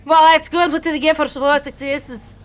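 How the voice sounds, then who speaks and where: Playful, slightly high-voiced woman player. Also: steady tone, moderate pace, faint music behind. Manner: playful, teasing banter. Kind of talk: playing a tabletop game, live stream.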